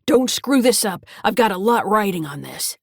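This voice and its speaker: A bullying, hot-tempered old grandfather barks orders and threats, put on by a woman reading an audiobook. The voice sits at an ordinary middle pitch and the recording is close and dry. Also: lively intonation, normal speed, vocal fry, slightly rough, dry recording. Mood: threatening. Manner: menacing, barking commands. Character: gruff, bullying older grandfather with a violent temper.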